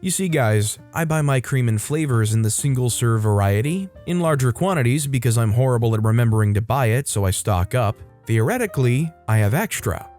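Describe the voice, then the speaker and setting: A man's voice: mid-range voice, a little mellow. Casual man reading stories aloud. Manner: casual, adds joking asides to listeners. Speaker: story narrator.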